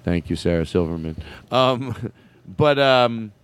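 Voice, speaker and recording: A man's voice: on the low side, animated, takes it slowly, smooth. A man hosting a podcast in casual chat, rambling and stammering with frequent laughs. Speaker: podcast host.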